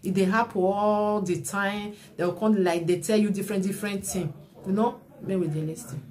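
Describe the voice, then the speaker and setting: A woman's voice: mid-range voice, fairly even intonation, moderate pace, darkish tone. A woman with a Nigerian Pidgin accent giving chatty, preachy advice as a vlogger. She often adds "you know" while she comments. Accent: Nigerian Pidgin English. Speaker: vlogger commenting on a viral clip.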